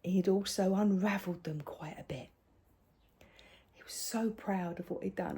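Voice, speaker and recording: An older woman, chatting casually at home as a crafting vlogger, rambling, with soft hushed asides. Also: mid-range voice, normal speed. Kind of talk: casual chat showing crafts.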